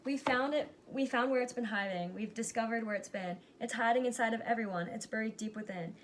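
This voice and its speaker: A woman reads a rhyming picture book aloud in a fairly high voice. She gives each character a lively turn without putting on big voices. A faint hiss of noise sits under the recording. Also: fairly quick. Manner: lively storybook reading with plain character voices. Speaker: reader.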